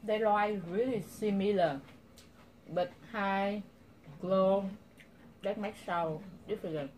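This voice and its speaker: A woman's voice: medium pitch, steady tone, slow, darkish tone, a little hiss or hum. A woman with a Vietnamese accent who talks in broken English mixed with Vietnamese and teases playfully, chatting over a meal at home. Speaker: vlogger. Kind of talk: casual mealtime chat.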